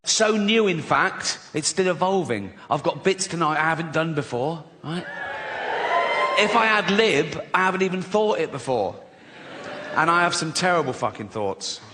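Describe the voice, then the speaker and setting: A man's voice: fairly high pitch, animated, normal speed, long reverb tail, noisy background. A man, a comedian, telling comic stories, swearing freely and laughing at his own jokes. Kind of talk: stand-up style comic storytelling.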